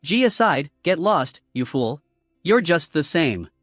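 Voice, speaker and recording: A man's voice: fairly high pitch, sing-song, unhurried, a bit bright, dry recording, studio quality, soft background music, full character voice. A man voicing a hot-tempered young male soccer player who snaps out angry insults.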